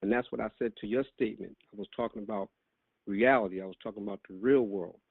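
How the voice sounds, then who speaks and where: A man with a lower voice hosts a call-in podcast and presses his points in a deliberate way. He is heard over a tinny, phone-like line. The sound is dry. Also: vocal fry, breathy edge, dry recording. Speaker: podcast host.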